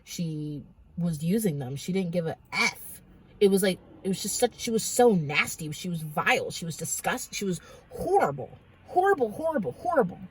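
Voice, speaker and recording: A woman's voice: fairly low pitch, expressive, moderate pace, a little hiss or hum, poor audio. A woman vlogger telling a dream testimony in a rambling, dramatic way with many fillers. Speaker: Christian vlogger.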